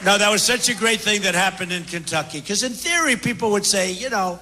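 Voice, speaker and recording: A man's voice: sits high, animated, fast talker, few pauses, bright, forceful tone, a little hiss or hum. An older man answering questions at a town hall, repetitive and boastful, talking off the cuff. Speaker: presidential candidate at a town hall. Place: large indoor hall with audience.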